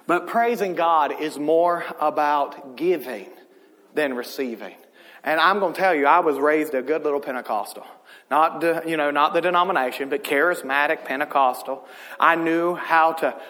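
A man with a high voice preaches with lively humor and keeps asking the congregation questions. His voice rings out in the long reverb of a large church hall. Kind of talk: sermon.

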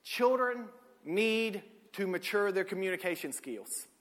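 Preacher with a bright, high voice. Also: male voice, lively intonation, measured pace. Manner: swings from shouted peaks to low asides, folksy storytelling. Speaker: pastor. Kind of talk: sermon. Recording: echoey hall.

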